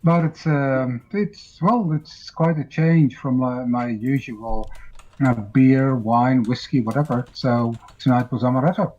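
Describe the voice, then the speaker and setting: A man's voice: mid-range voice, measured pace, a little mellow. A man chatting casually on a live stream, tipsy and rambling, prone to bursting into song. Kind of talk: casual chat. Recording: dull lo-fi line.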